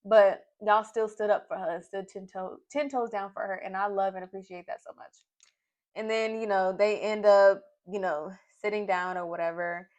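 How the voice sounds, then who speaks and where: A young woman, from Tennessee, casually recapping a reality show in an animated, storytelling way. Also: mid-range voice, normal speed. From Nashville, Tennessee. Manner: animated storytelling, acting out the cast's quotes.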